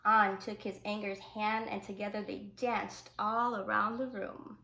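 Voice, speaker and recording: Slow, gravelly teacher reading aloud. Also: female voice, mid-range voice, level tone, a little hiss or hum. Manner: gentle, explaining asides to young listeners. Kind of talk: reading a picture book aloud to children. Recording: echoey room.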